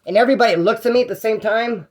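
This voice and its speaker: A man's voice: high-pitched, racing. A young man telling a story in a casual, slangy, rambling way, with restarts.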